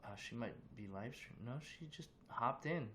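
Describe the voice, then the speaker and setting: A man's voice: mid-range voice, expressive, moderate pace, bright, forceful tone, slight background noise. A man casually hosting a livestream from his room, chatting loosely and greeting viewers with questions. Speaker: livestream host.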